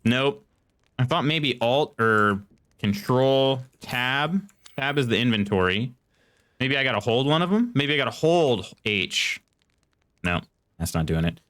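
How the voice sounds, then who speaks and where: A man's voice: mid-range voice, lively intonation, measured pace, a bit bright, clean tone. Chatty male game streamer. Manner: chatty, reads chat aloud and muses while playing; reads in-game text aloud. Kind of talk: casual live gameplay commentary.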